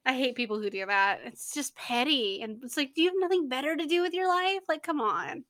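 A woman co-host with a high pitch and a bright, sharp tone. She reacts bluntly and with exasperation in casual chat, often dismissing things as stupid. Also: expressive, fairly quick. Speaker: podcast co-host.

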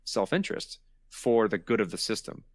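A man's voice: fairly low pitch, animated, moderate pace, dry recording. A man hosting a podcast in casual chat, explaining his point and repeating words for emphasis. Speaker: podcast host.

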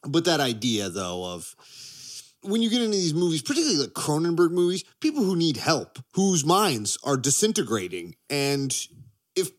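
Man, casual podcast chat, excitable, ranting, laughs a lot. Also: on the high side, moderate pace. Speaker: podcast co-host.

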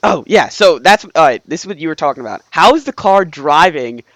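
High-voiced, lively young-sounding man chatting. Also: no echo. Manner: laughing, sarcastic, quick asides. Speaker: movie review co-host. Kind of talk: casual chat.

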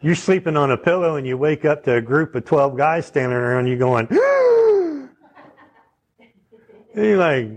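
A man with a somewhat high voice preaches a sermon fairly quickly and with few pauses. His style is conversational teaching, and he often checks in with listeners by asking them questions.

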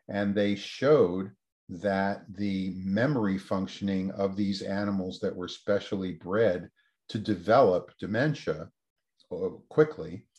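A man's voice: sits low, a little mellow. A man, a researcher, telling a story in an interview answer and acting out the quoted voices with lots of energy. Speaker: researcher guest.

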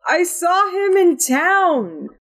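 A woman voicing an excitable young male adventurer in a tabletop game, asking high, drawn-out disbelieving questions. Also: full character voice.

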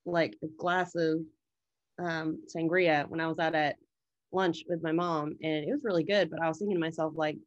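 A woman's voice: low-pitched, steady tone, normal speed, no room sound, muffled recording. Laughing self-deprecating woman co-host. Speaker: podcast co-host, college professor. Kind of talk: casual chat.

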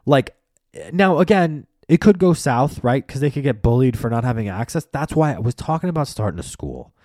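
Profane ranting man, dark dry voice. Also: mid-range voice, animated, fairly quick, dry recording. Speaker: podcast host. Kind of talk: solo podcast monologue.

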